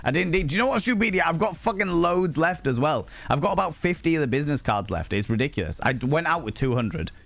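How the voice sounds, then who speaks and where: A young man chatting casually on a live stream, animated and swearing freely, jumping high in pitch for emphasis. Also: fast talker, vocal fry, few pauses, dry recording.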